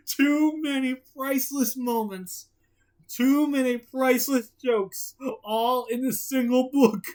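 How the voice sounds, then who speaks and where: Giggly woman reading a storybook aloud. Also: on the high side. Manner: giggly, rambling, excitable. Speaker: storytime host and reader.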